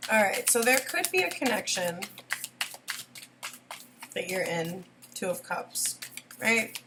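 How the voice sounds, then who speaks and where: A woman's voice: mid-range voice, big pitch swings, takes it slowly, background noise. A young woman doing a casual tarot reading, rambling and giggly, often emotional. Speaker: tarot reader.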